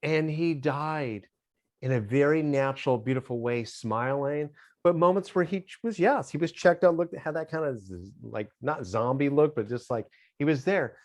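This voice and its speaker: A middle-aged man, a guest on an interview, talking in a halting, reflective way and smiling a lot as he speaks. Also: on the high side, a little mellow. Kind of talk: casual interview talk.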